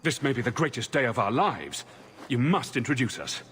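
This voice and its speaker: A man's voice: medium pitch, sing-song, normal speed, a bit bright, a little hiss or hum. An actor voicing a dry, sarcastic male hero in a video game. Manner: sarcastic, mock-posh.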